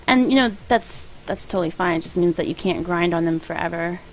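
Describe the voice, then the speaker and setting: A woman's voice: fairly low pitch, fairly quick, poor audio. A woman casually commenting on her video game playthrough in a chatty, rambling way, often laughing at her own jokes. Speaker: let's play host.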